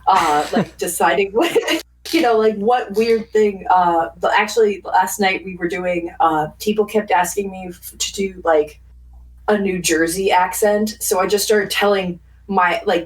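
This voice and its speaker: A woman chatting as a podcast guest, telling stories in long rambling runs, laughing often and padding with fillers. Her voice sits at an ordinary pitch and comes across slightly distant from the microphone. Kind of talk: casual chat.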